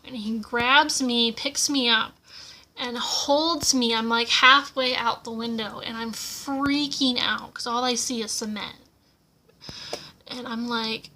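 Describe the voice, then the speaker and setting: Bright-voiced young woman telling her story. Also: on the high side, steady tone, a little slow. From United States. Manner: casual, with frequent filler words and acted-out quotes. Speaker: vlogger. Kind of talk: personal storytelling to camera.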